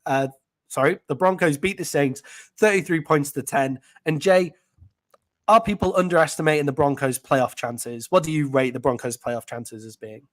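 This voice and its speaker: A man with an English accent co-hosting a casual sports podcast, chatty and quick to laugh, with plenty of fillers. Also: a little high, no room sound. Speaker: podcast co-host.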